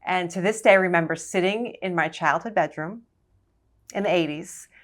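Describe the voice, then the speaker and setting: A woman from Long Island, a surgeon, telling her story in a casual interview with a brisk, confident manner. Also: fairly low pitch. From Long Island, New York. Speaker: guest, surgeon.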